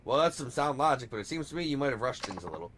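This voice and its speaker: A composed, calculating male boss from a crime game, read aloud by a man playing through it. His delivery is smooth and even-tempered, with a lively rise and fall. A faint hiss and some clicks sit behind the voice. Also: medium pitch, rapid-fire, close to an everyday voice. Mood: calm. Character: scheming man, calm detective boss. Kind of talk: reading game subtitles aloud.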